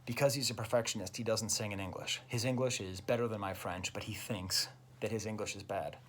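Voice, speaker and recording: A man's voice: fairly low pitch, steady tone, a little fast, slight background noise. A man, a French teacher, enthusiastically explaining song lyrics step by step in a casual video lesson. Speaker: French teacher and music reviewer.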